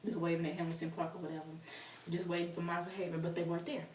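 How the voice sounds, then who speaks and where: Young woman, casual storytelling vlog, animated, roomy echo, faint hiss. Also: on the low side, very fast, far from the mic. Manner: animated, acts out quotes in squealing voices. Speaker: vlogger. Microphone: camera mic from a distance.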